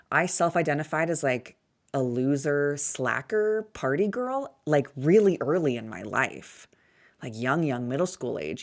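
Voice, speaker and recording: A woman in her thirties talking as a podcast guest, candid and animated, with self-deprecating humor. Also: deep voice. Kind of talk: casual conversational interview.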